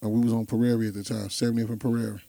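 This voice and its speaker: A man's voice: lowish voice, fast talker, creaky, no echo. A man telling stories in a casual chat, acting out the people in them. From Chicago. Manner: animated storyteller, acts out voices.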